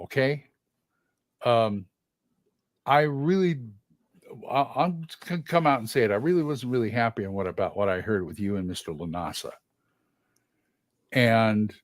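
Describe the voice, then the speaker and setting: A man chatting on a casual gaming livestream in an even, middle-pitched voice. He rambles and hesitates, picking his words carefully as he goes. The sound is dry and close. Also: dry recording. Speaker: livestream co-host. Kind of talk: casual chat.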